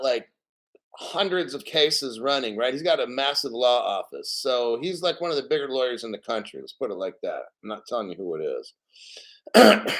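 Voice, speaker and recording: A man's voice: mid-range voice, a bit bright. A man giving casual live commentary on the news, blunt and profane, a little out of breath. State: slightly out of breath.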